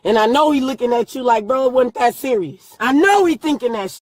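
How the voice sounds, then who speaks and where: A woman driver detained by police rages and swears, issuing threats at the officers at a police stop and in a hospital room. Her voice is a little high and fairly quick, captured in an echoey space with long reverb and faint noise.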